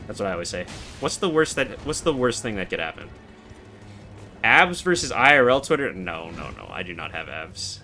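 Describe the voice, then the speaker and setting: A man in his twenties streaming a game, chatting casually and answering chat in a relaxed, monotone way. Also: lowish voice, normal speed, faint music behind. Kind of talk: casual live-stream chat while gaming.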